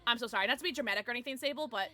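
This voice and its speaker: A woman live-streaming gameplay, talking to chat, excitable, shrieking and laughing, swearing freely. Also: on the high side, rapid-fire. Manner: chatty, swears, thanks chat.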